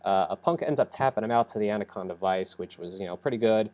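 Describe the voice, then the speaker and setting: A man's voice: fairly low pitch, quick pace, darkish tone. A young man who says he is sick, rambling through a casual podcast recap with many fillers and self-corrections. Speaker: podcast host reviewing wrestling.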